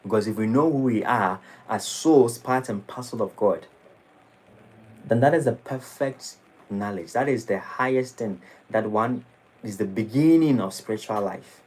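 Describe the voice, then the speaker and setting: A man preaching a sermon in a temple, dramatic and lively. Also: fairly low pitch, a little slow, rough recording. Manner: dramatic, shifting into mocking acted quotes. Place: temple hall.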